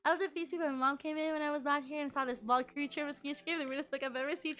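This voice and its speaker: A woman's voice: high voice, fast, fairly bright tone. A young woman streaming as a VTuber, chatting casually, swearing a lot and laughing often.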